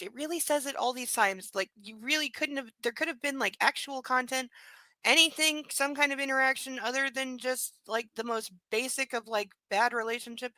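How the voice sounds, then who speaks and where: A woman's voice: sits high, normal speed, pushed and bright, dry recording, poor audio. A woman live-streaming a book reading at home, mixing blunt, sarcastic commentary with cooing baby talk to her dog.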